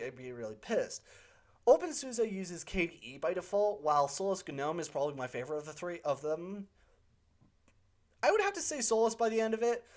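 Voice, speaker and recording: A channel host answering viewer questions in a casual, unscripted monologue, rambling and opinionated, with frequent fillers and self-corrections. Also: mid-range voice.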